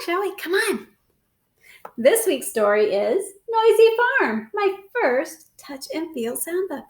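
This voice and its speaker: A woman hosting storytime, reading a picture book aloud to children in an animated, coaxing way with gasps and exclamations. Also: on the high side, takes it slowly, echoey room. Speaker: storytime host.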